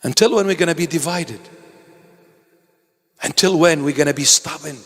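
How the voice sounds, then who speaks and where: A man's voice: a little high, normal speed, in a large hall. A man preaching a sermon, pleading and impassioned, breaking into joking asides.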